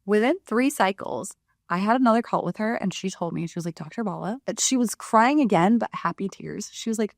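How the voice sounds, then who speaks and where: A woman's voice: mid-range voice, very animated, brisk, vocal fry, no room sound, clean studio sound. A woman health practitioner giving a frank, casual talk to camera about women's health. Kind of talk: direct-to-camera health teaching.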